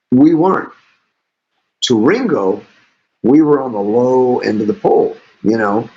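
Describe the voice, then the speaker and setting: An older man, a musician guest, telling animated stories in an interview with frequent laughter. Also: mid-range voice, a little slow, long pauses. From St. Louis, USA. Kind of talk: storytelling interview. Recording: dull lo-fi audio.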